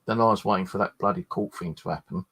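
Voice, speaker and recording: Tired bloke, low-pitched, rambling casual chat full of swearing and restarts. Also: male voice, fast, fairly bright tone, husky. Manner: swears freely, meandering with many restarts. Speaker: ghost hunter chatting with livestream viewers.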